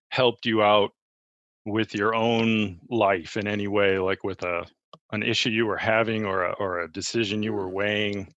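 A male caller from Minnesota, starstruck and a little hesitant as he asks his question. His voice sits on the low side. The call audio is dull and dry. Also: fairly bright tone, no room sound. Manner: starstruck, hesitant, with filler pauses. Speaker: caller, guest fan. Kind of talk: casual chat.

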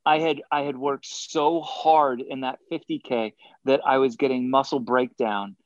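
A man as a guest in a casual interview, telling animated stories and acting out quotes between chuckles. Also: mid-range voice, unhurried, no echo, dull audio. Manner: animated anecdotes, acts out quotes, chuckles often. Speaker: guest athlete.

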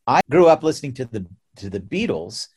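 A man's voice: mid-range voice, fairly quick, slightly rough. Chatty American man telling stories. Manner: animated, repeats words as he restarts, laughs often. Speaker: musician guest. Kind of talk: casual interview storytelling.

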